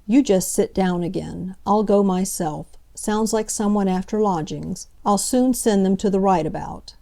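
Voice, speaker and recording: A woman's voice: medium pitch, unhurried, vocal fry, mellow. A woman voicing a nervous middle-aged landlady who speaks in a flustered, colloquial way.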